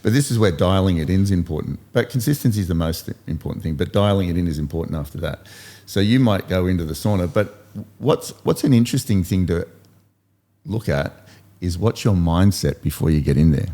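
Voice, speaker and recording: A man's voice: deep voice, expressive, brisk, mellow. A man in his fifties hosting a podcast, coaching and telling stories in casual motivational chat, repeating points for emphasis. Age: 50s. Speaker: podcast host.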